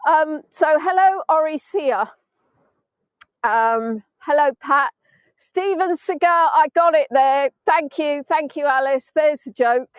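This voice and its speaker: A middle-aged Englishwoman with a high voice leads a live virtual tour from seaside sand dunes, speaking slowly with no echo. She chats casually with her stream viewers, pokes fun at herself and breaks into snatches of song. The phone-stream audio sounds dull and dry.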